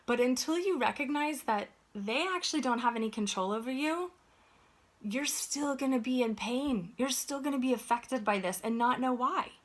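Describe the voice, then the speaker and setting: A woman's voice: high voice, normal speed. A woman giving an earnest, conversational motivational talk as a life coach, often checking in with "right?".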